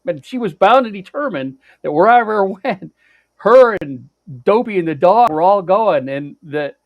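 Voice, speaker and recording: A man's voice: sits high, lively intonation, normal speed, dry recording. Blunt rambling man on a dull dry mic. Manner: rambling storyteller, lots of uh and restarts, blunt and profane. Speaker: podcast co-host. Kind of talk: casual chat, telling a road-trip story.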